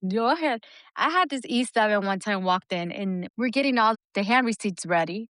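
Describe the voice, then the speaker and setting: A woman co-hosting a podcast as an Army veteran, telling a story in a candid, blunt, profane and animated way. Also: medium pitch, moderate pace, dry recording, clean studio sound.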